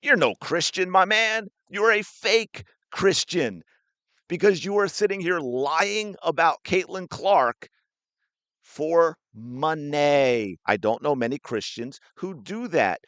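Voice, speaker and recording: A man's voice: a little high, animated, slow, fairly bright tone, no echo. A man hosting a sports podcast, ranting with indignant, sarcastic commentary while reacting to a clip.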